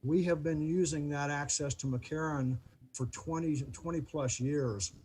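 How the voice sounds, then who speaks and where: A man on a video call giving public comment to a city planning commission, halting and repeating words. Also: on the high side, steady tone, a little mellow, a little hiss or hum, low-quality recording. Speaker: neighbor addressing the commission.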